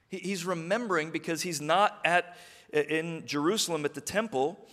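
Man preaching in a reverberant church. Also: on the high side. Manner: earnest preaching, swings from quiet reflection to rousing calls to the congregation. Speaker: pastor. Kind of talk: sermon. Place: church sanctuary. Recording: long hall reverb of a church.

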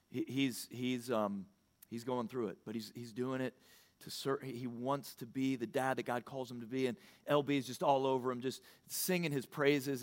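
A mid-range male voice belongs to a pastor delivering a sermon. He's earnest but halting, frequently starting his sentences over.

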